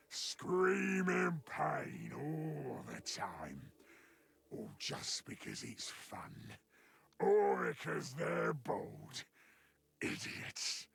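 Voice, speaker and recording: Game voice: menacing ogryn bruiser, rough and breathy, slow and swinging in pitch. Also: male voice, bright, forceful tone, no room sound, full character voice. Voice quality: gravelly, growling. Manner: slow, threatening boasts. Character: huge brutish male ogryn soldier, boastful and menacing.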